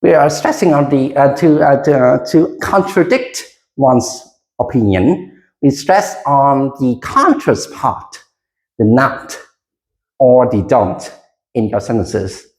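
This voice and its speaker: Unhurried English teacher, hesitant, sing-song intonation, roomy classroom sound. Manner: slow, deliberate, with frequent hesitations; lively pitch, leading the class in repetition. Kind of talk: classroom micro lesson. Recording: roomy echo.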